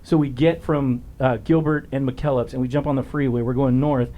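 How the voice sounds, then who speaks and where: A middle-aged man hosting a podcast interview, telling stories in a blunt, profane, animated way. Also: mid-range voice, normal speed, lo-fi sound. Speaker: podcast host, former police officer. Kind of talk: casual storytelling interview.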